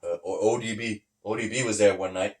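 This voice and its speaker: A man co-hosting a casual podcast, excitable, quick to shout and swear in shock. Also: fairly low pitch, recorded from a distance. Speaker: podcast co-host. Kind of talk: casual chat.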